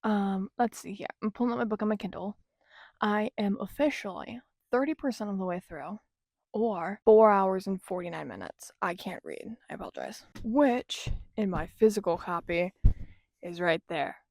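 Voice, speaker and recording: A woman's voice: medium pitch, expressive, normal speed, creaky, a little mellow, no echo, clean studio sound. A young woman in a casual reading vlog, chatting with a gushing, filler-heavy manner about the book she is reading. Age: young adult. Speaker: book vlogger.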